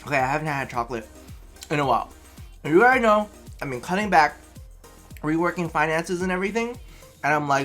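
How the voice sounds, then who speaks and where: A man's voice: on the high side, expressive, quick pace, long pauses, a bit bright, soft background music. A man vlogging casually to camera from his apartment, a little tipsy, rambling, chatty and swearing freely. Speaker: vlogger host.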